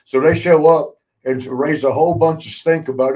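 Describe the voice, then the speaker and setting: A man's voice: fairly high pitch, normal speed. A man, hosting a podcast and telling wrestling road stories in casual chat, laughing often and swearing freely. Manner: laughing often, swearing, lively retelling with voiced quotes. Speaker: podcast host, former wrestler.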